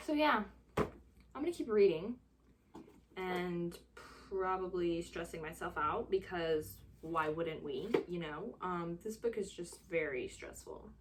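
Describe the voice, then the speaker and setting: Young woman, casual reading vlog, slow unhurried talk, rambling, dramatic, exasperated, faint background hiss. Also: lowish voice. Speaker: book vlogger.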